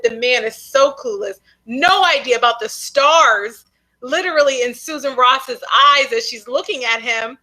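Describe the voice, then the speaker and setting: A woman co-hosting a TV recap podcast, retelling scenes in an animated, storytelling way. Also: a little high, unhurried, low-quality recording. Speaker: podcast co-host. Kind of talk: TV episode recap chat.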